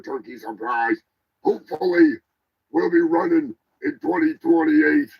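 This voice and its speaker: A man's voice: medium pitch, vocal fry, husky, highs cut off, exaggerated voice. A man doing a comedic impression of a rambling, boastful, stoned former wrestler turned politician, talking in long asides.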